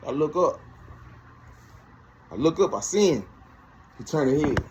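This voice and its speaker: A man's voice: mid-range voice, lively intonation, normal speed, long pauses, darkish tone, slight background noise, poor audio. A man from Georgia, telling his story casually and profanely, acting out both sides of each conversation. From Georgia, USA.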